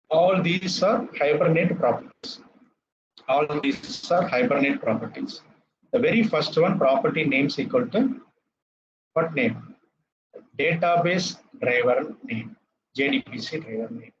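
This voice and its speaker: A man's voice: fairly high pitch, measured pace, long pauses, dull audio. A man with an Indian English accent teaching a live coding lecture. He repeats terms and checks in with "right?" after each step.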